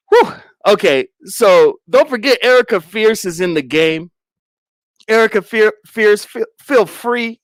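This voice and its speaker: A young man streaming, telling a story in a casual, animated way, repeating words and laughing loudly. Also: high voice, measured pace, no echo, clean studio sound.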